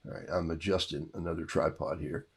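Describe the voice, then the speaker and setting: A man's voice: a bass voice, steady tone, fairly quick, gravelly. Chatty man painting live, with a cough. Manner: chatty, self-amused, talks through each brushstroke. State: has a cough. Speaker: artist painting on a livestream. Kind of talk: casual live painting chat.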